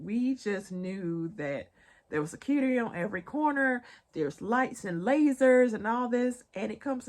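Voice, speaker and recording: Woman, Southern accent, husky and gravelly, lively pitch, chatty news recap. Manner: chatty, laughing asides, addresses viewers as y'all. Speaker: vlogger. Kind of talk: casual pop-culture recap.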